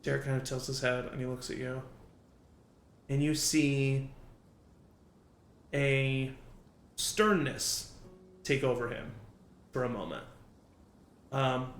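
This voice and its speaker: A man narrating as game master, loose and full of pauses. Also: medium pitch, a bit bright. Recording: echoey room.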